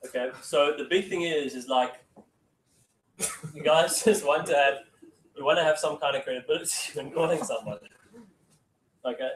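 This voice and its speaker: His voice is a little high, his pace moderate, with long pauses as he delivers a casual sales training talk to a room. He repeatedly says "okay" and acts out phone calls, and the recording has an echoey room with the mic far away.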